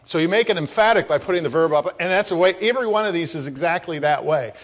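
A man's voice: fairly high pitch, animated, quick pace. A man preaching a teaching sermon on prayer, explaining grammar with asides and repeating phrases for emphasis. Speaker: pastor.

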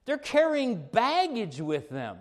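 Male pastor, higher-pitched voice, preaching style with dynamic swings from soft asides to loud emphasis. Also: huge pitch swings, slow pace. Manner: emphatic preaching, swings between quiet asides and raised exclamations. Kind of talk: sermon.

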